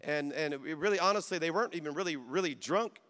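Middle-aged male pastor, high voice, storytelling sermon that rises to emphatic calls, big-hall reverb. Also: quick pace. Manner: storytelling preacher who builds to loud, emphatic exhortation and calls to the crowd. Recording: long reverb of a large hall.

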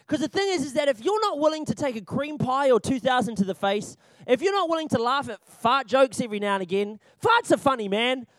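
A young man with a strikingly high voice gives a church training talk on children's ministry. He is jokey and animated, laughs often and hammers his points home by repeating them. The recording is dry and close, with no room sound. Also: brisk, hardly any pauses, no room sound. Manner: repeats key points for emphasis.

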